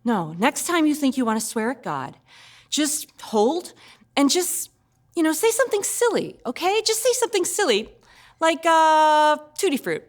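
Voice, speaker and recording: A woman's voice: high voice, very animated, normal speed, voice pushed up. A woman voicing an older sister who talks in a soothing, coaxing way.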